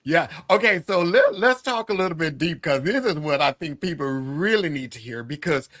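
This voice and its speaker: A man's voice: on the high side, lively intonation, normal speed, a bit bright, dry recording. A man hosting a podcast interview in casual chat, talking emphatically and exclaiming when he gets worked up. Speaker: podcast host.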